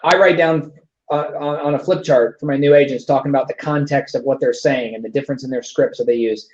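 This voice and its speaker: A man's voice: mid-range voice, steady tone, fast talker, darkish tone. Man on an echoey, muffled call. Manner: earnest, emphatic explainer. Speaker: real estate trainer, guest. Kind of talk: casual chat. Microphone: video call. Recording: echoey, dull video call audio.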